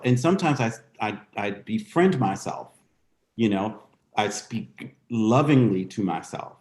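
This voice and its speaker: A man's voice: on the low side, animated, normal speed, a little mellow, roomy sound. A man speaking as a guest in a candid interview, reflective and thinking aloud with restarts. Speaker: guest dancer.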